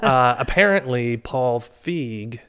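A man's voice: medium pitch, lively intonation, slow, pushed and bright, clean tone. Self-deprecating man. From Boston. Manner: storytelling, self-deprecating, acts out quotes. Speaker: guest actor and comic. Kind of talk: casual chat.

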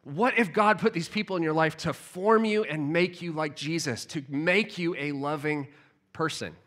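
A man preaching a sermon, telling a story with animated storytelling and frequent word repeats. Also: on the high side, normal speed. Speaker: pastor.

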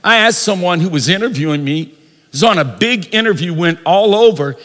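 A man preaching a sermon as pastor, leading the congregation in call-and-response and rising into shouts. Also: high voice, animated, normal speed. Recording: long reverb of a large hall.

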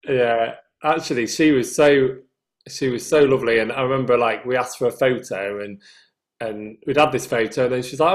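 A singer with a Northern English accent, appearing as an interview guest, tells anecdotes in casual chat and laughs at his own stories. His voice is mid-range and brisk.

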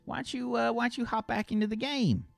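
A man's voice: very high-pitched, steady tone, fast, gravelly, voice pushed up. A man putting on a folksy Southern card dealer. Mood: reassuring. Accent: American Southern. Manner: chatty, rambling advice.

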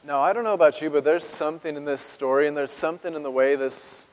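A man preaching a sermon as pastor, earnest and emotional, with dramatic pauses and drops to a hush on key words. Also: on the high side. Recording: long reverb of a large hall.

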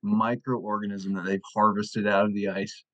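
A man's voice: on the low side, level tone, normal speed, dry recording, lo-fi sound. A man arguing a point on a podcast over a video call, laughing as he talks and hedging as he goes. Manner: laughs mid-sentence, hedges and restarts while arguing a point. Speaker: podcast panelist.

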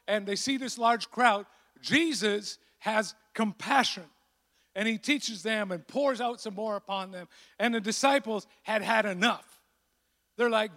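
A male pastor delivers a sermon with a fairly high voice, lively and acting out the people in his story. His words ring out with a long reverb that fills the church around him. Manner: animated, acts out voices of the disciples.

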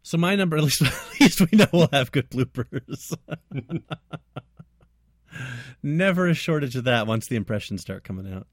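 A man's voice: medium pitch, expressive, moderate pace, pauses often, dry recording. Guy cohosting a movie chat, cracks up laughing, swoopy voice, dry sound. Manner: giggly, keeps breaking into laughter mid-sentence. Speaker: podcast co-host. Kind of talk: casual chat about films.

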